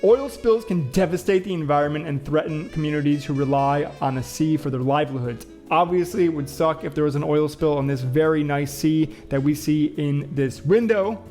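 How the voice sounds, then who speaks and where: A man's voice: fairly high pitch, normal speed, few pauses, mellow, faint music behind. Chatty young man riffing on news. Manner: joking, chatty, reads headlines aloud then riffs on them. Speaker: show host. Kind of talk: casual vlog commentary.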